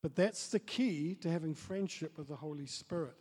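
A man preaching a sermon as pastor, dropping to soft asides and building up to loud, excited storytelling. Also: on the high side, normal speed, a little hiss or hum. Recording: long hall reverb.

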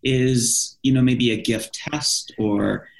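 A man's voice: mid-range voice, fairly even intonation, slow pace, gravelly, slight background noise, poor audio. A man hosting a podcast, asking questions in a thoughtful, hesitant way. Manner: thoughtful, hesitant phrasing with fillers. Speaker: podcast host. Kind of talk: interview questions.

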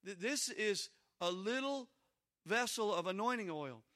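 A man preaching a sermon with emphatic delivery, building to shouted peaks and dropping into quiet asides. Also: high-pitched, expressive, a little slow.

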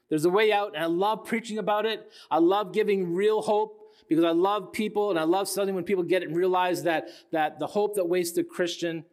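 An earnest man in his sixties delivers a sermon in a somewhat high voice. He keeps circling back to his key phrases and stops to put questions to the congregation. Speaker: pastor.

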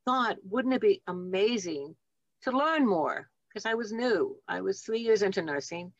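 A woman's voice: medium pitch, expressive, measured pace, dry recording, highs cut off. A woman in her seventies, a guest on an interview show, telling reflective and heartfelt stories from her nursing life. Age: 70s. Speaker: guest, nurse and author. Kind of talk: storytelling interview.

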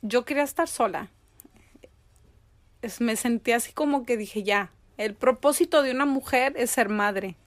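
An emotional bilingual woman, appearing as a guest in a personal interview, switches between English and Spanish. She talks fairly quickly in a slightly high voice, and there's no echo.

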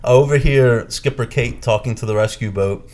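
A man's voice: medium pitch, moderate pace. A man co-hosting a podcast, telling a story in casual chat and acting out the people in it. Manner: animated, acts out quoted people; chatty, with restarts and fillers. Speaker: podcast co-host.

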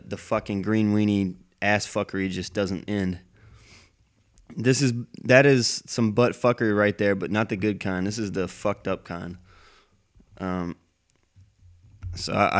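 Man, low smooth voice, profane rambling storyteller on a mic, heated and casual. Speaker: military veteran telling a personal story. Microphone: plug-in microphone.

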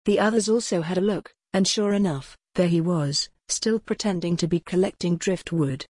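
Woman, storybook narration, calm and even, dry close sound. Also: on the low side, normal speed, breathy edge, no room sound. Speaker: audiobook narrator.

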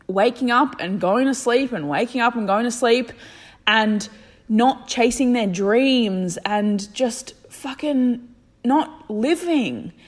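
A young woman talking candidly in a reflective personal vlog, thinking aloud and swearing freely. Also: fairly high pitch. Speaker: vlogger.

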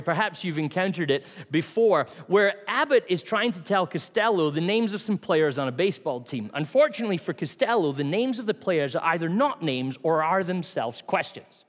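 A man's voice: on the high side, fairly quick, hardly any pauses. Guy preaching in church, storytelling, big hall echo, voice goes up and down a lot. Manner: storytelling, lively and varied delivery with quiet asides. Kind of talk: sermon.

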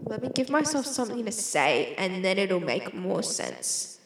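A woman's voice: medium pitch, animated, fairly quick. A woman, a student, talking to herself in a playful, rambling monologue that keeps interrupting itself. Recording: echoey room with long reverb.

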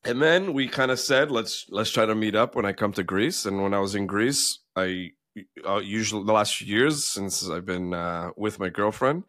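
Male co-host, lowish voice, easygoing chat full of "uh" and "um". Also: moderate pace, no echo, clean studio sound. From United States. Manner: relaxed storytelling, many fillers. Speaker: podcast co-host. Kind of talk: casual chat.

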